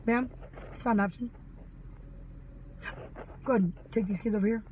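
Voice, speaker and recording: A woman voicing a curt male soldier who barks brusque, rushed orders. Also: on the high side, steady tone, darkish tone, a little hiss or hum, natural voice, low-quality recording.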